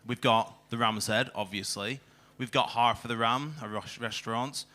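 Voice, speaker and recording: A man's voice: mid-range voice, fairly even intonation, moderate pace, bright, forceful tone. A young man doing a crude, self-mocking stand-up set in a comedy club, teasing the crowd. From England.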